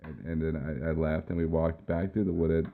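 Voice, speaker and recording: A man's voice: very deep voice, flat delivery, fairly quick, vocal fry, phone-quality sound. A man hosting a podcast, casually telling a rambling personal story. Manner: laid-back, rambling anecdote telling. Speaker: podcast host.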